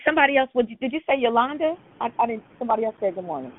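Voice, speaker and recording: A woman with a fairly high voice talks in an animated, rapid-fire way while hosting a call-in prayer line. She keeps it casual and playful, laughing often and occasionally bursting into song, recorded dry over a phone line.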